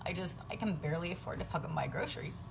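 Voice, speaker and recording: A working mother from the United States, venting in an angry, profane, emotional vlog rant that sometimes drops into a breathy whisper. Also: fairly low pitch, fast talker, noisy background.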